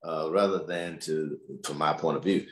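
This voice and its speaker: A man, a scholar, answering interview questions in a measured, explanatory way. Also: extremely low pitch, steady tone, roomy sound. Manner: measured, explanatory, repeats words.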